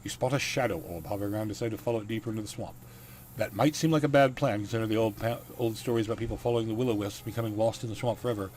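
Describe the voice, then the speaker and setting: A man's voice: lowish voice, very fast, darkish tone, slight background noise. A man hosting a let's play, reading game text aloud with wry asides.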